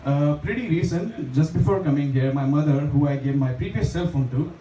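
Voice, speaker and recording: This young open mic comic talks briskly in a fairly high, dark-toned voice, chatting and poking fun at himself with lots of fillers. He's on a small bar stage with a live crowd, recorded from a distant mic in an echoey room with laughter and slight background noise.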